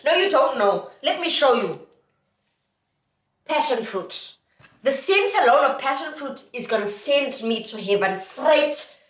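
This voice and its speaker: A woman's voice: high voice, animated, a little slow, fairly bright tone, recorded from a distance. A young South African woman vlogging casually, playful and sing-song as she talks to her viewers. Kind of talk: casual haul vlog. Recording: echoey room, a little off mic.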